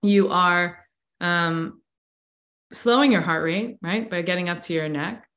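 A woman's voice: on the low side, unhurried, fairly bright tone. A woman who coaches breathwork and cold exposure, explaining enthusiastically in a casual interview with long flowing sentences.

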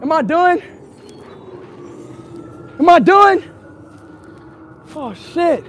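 A man's voice: extremely high pitch, big pitch swings, drawn-out words, heavy background noise. Panicky young man screaming and swearing. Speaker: streamer. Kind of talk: live-streamed haunted house walkthrough.

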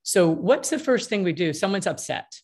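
A middle-aged woman, a mediator answering interview questions in an energetic, emphatic way and acting out the dialogue she quotes. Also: lowish voice, moderate pace, slightly rough. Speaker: mediator and author.

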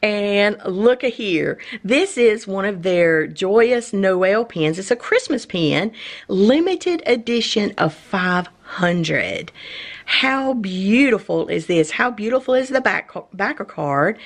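A woman hosting her own channel, unboxing collectible pins in a haul video, gushing and exclaiming with excitement. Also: medium pitch, slow pace. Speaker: channel host.

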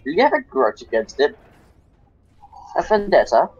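A man's voice: on the high side, very animated, moderate pace, slightly rough, lo-fi sound. A Dutch man with a slightly British-sounding accent, casually explaining game tactics while he plays. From Netherlands. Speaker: host playing and commenting.

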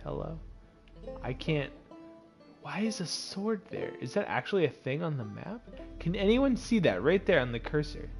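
A man streaming himself playing a game, commenting casually and swinging from loud outbursts to quiet muttering. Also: on the high side, moderate pace, vocal fry, long pauses, over music. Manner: excitable, swings from yelling to muttering.

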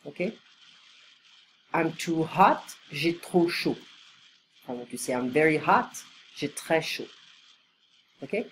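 A woman teaching an online language lesson, explaining and repeating phrases slowly for learners. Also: sits low, expressive, a little hiss or hum, rough recording.

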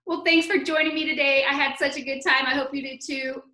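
A woman hosting a children's library storytime, talking in an animated, sing-song way with gasps of delight. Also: high-pitched, fast talker, slight background noise. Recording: echoey room.

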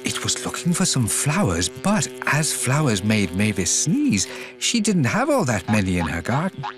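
A man narrating a scripted cartoon story for preschool children in a gentle, sing-song way, asking the listener questions. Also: medium pitch, wildly swooping pitch, moderate pace. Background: music.

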